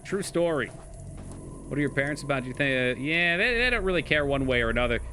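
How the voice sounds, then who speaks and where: A man's voice: medium pitch, expressive, brisk, bright, forceful tone, slight background noise. A young man streaming a game live, chatting casually with his chat, swearing and laughing often.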